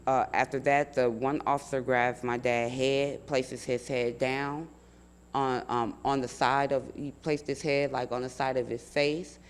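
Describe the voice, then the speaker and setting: An earnest young man tells what happened in a steady, measured voice, going back over his words to stress them. His pitch sits in the ordinary middle range for a man. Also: a little hiss or hum. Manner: earnest, measured, repeats himself for emphasis. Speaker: family member telling his account. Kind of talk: recounting in an interview.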